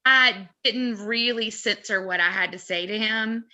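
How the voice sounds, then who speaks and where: Woman, casual live chat, animated storyteller, piercingly bright tone, chatty. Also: mid-range voice, a little slow, dull audio. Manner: animated, chatty anecdote telling. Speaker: co-host of a fan merch live chat.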